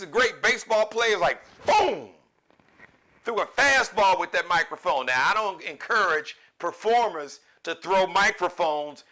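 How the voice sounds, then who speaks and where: This is a man hosting a live show in a loose, joking monologue. He wanders off-topic and jumps into sudden animated bursts. His voice is strikingly bright and pitched slightly high. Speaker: show host.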